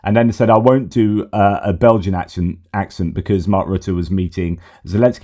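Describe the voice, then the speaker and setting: A man's voice: low-pitched, normal speed, few pauses, mellow. A middle-aged man from Britain hosting a news update, rambling and correcting himself as he thinks aloud. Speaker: host of a war news channel. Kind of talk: casual news commentary.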